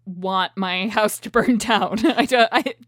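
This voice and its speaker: A woman co-hosting a podcast in casual chat, animated and laughing often, often restarting her sentences as she talks into a shared microphone. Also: mid-range voice, slow pace, no room sound, studio quality. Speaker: podcast co-host. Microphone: shared single microphone.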